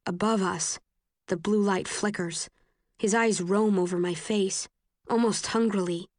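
A woman narrates a first-person novel in a measured, even reading voice. Her pitch sits in the middle for a woman. The recording is dry and close, with no room sound. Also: no echo. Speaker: audiobook narrator.

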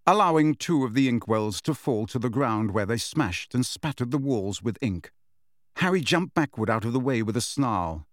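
Guy narrating an audiobook, really lively up and down, dry close sound, steady storytelling. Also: medium pitch, no echo. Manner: expressive, measured storytelling. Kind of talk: scripted narration.

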